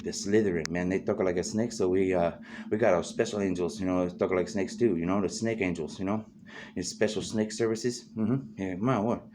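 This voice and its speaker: A man with a low, steady voice talks briskly as the host of a rambling, casual monologue. He free-associates, sprinkling in "you know" and "man", over a noisy background.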